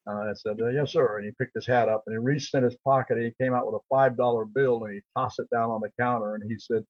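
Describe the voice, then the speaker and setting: A man's voice: mid-range voice, steady tone, fast, no room sound. An older man, a character actor, telling rambling anecdotes on a radio show and acting out the voices of people he met. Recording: dull lo-fi line.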